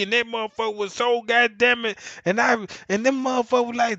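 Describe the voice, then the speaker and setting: A man telling a raunchy comic story in a loud, excitable, profane way, swinging between hushed asides and shouts. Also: extremely high pitch, brisk, few pauses, no room sound, highs cut off.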